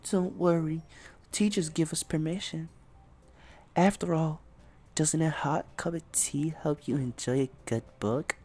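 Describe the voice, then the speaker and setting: A man voicing a shy, soft-spoken teenage girl bookworm from a visual novel, talking slowly and softly, close to a whisper. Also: on the high side, steady tone, pitched above the performer's own voice. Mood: timid, gentle. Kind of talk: reading a visual novel aloud.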